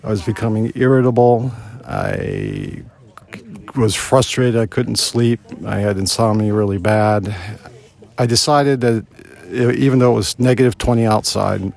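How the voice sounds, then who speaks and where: A middle-aged man telling a personal story in an earnest, reflective way, with halting pauses. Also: on the low side, creaky, a little mellow.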